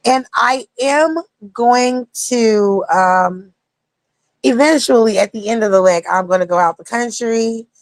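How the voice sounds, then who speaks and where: A young woman chats on her livestream in a mid-pitched voice. She is blunt and profane and drifts loosely from topic to topic. The sound is dry and close to the mic. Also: no room sound. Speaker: streamer. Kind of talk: casual livestream talk.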